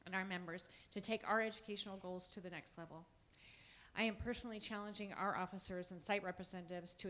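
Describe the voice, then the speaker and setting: A woman's voice: medium pitch, fairly bright tone. Earnest middle-aged woman reading a speech. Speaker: teacher speaking at public forum. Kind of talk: prepared public statement.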